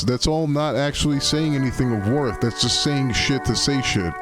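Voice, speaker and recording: A man's voice: mid-range voice, normal speed, fairly bright tone, soft background music. A man casually commenting while playing a game on a live stream, rambling and swearing and riffing on slang.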